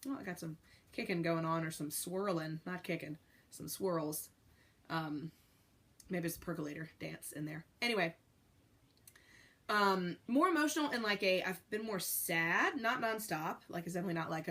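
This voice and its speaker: A woman's voice: fairly low pitch, fairly bright tone. A young pregnant woman talking candidly to the camera in a rambling, casual way, with many fillers. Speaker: pregnant vlogger.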